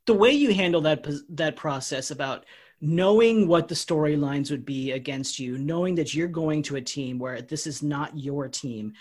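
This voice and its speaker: A man talking sports on a casual podcast with a slightly husky voice that sits a touch higher than most men's. He rambles through his opinions with plenty of fillers, and his sentences often fade off quieter as they end. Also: moderate pace. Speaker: podcast co-host.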